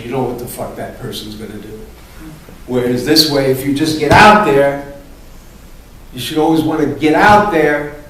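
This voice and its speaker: A man leads an improv class in an animated, punchy way, cursing and tossing out "boom" to drive points home. His voice sits a bit high and carries from a distance through a strongly echoing room with faint background noise. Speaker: acting coach. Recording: echoey room from far off, faint ambience.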